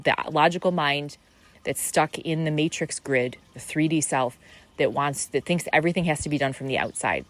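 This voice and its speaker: Low-pitched woman host rambling gently about inner work, lots of "you know"s. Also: normal speed. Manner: musing, meandering, many fillers and restarts. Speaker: podcast host. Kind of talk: reflective spiritual monologue.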